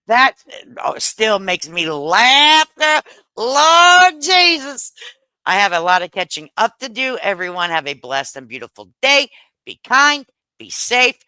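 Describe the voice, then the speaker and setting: A woman's voice: mid-range voice, very animated, measured pace, bright, forceful tone, smooth, no echo, rough recording. A middle-aged woman, chatting casually and laughing on a live stream, speaking into a headset mic at home. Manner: chatty, laughs often, Southern slang. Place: home kitchen. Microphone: headset microphone.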